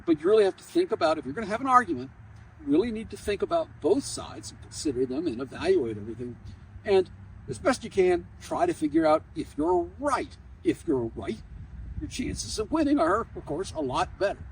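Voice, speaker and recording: A male attorney telling a story about himself in a lively, self-mocking way on his vlog. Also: high voice, creaky, recorded from a distance, slight background noise, low-quality recording.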